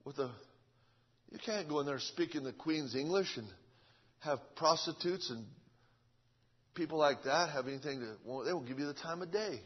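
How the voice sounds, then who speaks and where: Male preacher, fervent revival sermon, husky, high, dull lo-fi recording. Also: normal speed. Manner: fervent, repetitive, swings from shouting to hushed.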